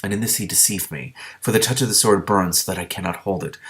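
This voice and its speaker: A man's voice: low-pitched, fast, a bit bright. A man doing a weepy, melodramatic princess. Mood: lamenting. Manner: archaic, tragic phrasing.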